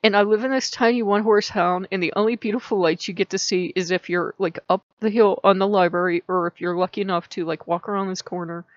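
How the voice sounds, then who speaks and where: A middle-aged woman chatting casually in a rambling vlog, her pitch often jumping up mid-sentence. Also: fairly even intonation, quick pace, hardly any pauses, no room sound, muffled recording. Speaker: vlogger. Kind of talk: casual spiritual vlog chat.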